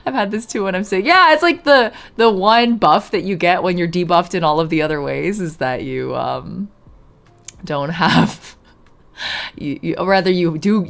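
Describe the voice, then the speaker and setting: A woman streaming live with a hoarse, half-lost voice, rambling casually to her chat and laughing often. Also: lowish voice.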